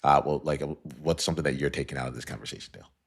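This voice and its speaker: A man's voice: rumbling low, fairly even intonation, racing, slightly rough. A male host in a casual interview, appreciative and hesitant, with many fillers.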